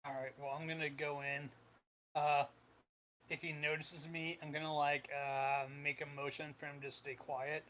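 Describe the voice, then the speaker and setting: Male player; casual, hesitant, thinking out loud, voice a touch high. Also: level tone, moderate pace, slight background noise, poor audio. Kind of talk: tabletop game play.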